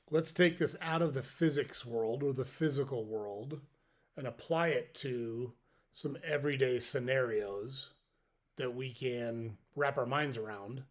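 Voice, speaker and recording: A middle-aged man hosting a podcast, giving a folksy, reflective motivational talk and explaining his points step by step. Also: mid-range voice. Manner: folksy, tells jokes as examples. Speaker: podcast host.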